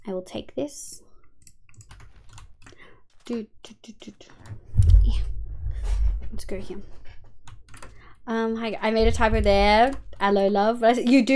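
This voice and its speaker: An Australian woman streams a game and chats with her viewers in a loose, unscripted way. Her voice sits a little high and swoops all over as she thinks aloud, with the odd casual swear word. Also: animated, unhurried, long pauses, darkish tone. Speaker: live streamer. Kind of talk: casual gameplay chat answering viewers.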